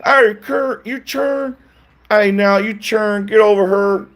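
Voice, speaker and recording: A man's voice: high voice, slow, a bit bright, voice pushed up, exaggerated voice. A man voicing a boastful show-off guy with a mocking, sing-song drawl.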